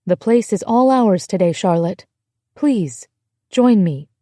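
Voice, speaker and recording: A woman voicing a kind, steady American woman who comforts a frightened girl in a gentle but firm way. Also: mid-range voice, slow pace, no room sound, clean studio sound. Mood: reassuring.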